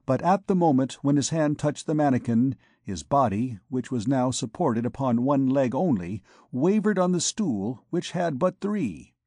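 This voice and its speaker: A man narrating a classic novel in a steady, measured reading voice. The sound is close and dry, with a mid-pitched tone typical for a man. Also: no room sound. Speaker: audiobook narrator. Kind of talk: scripted narration.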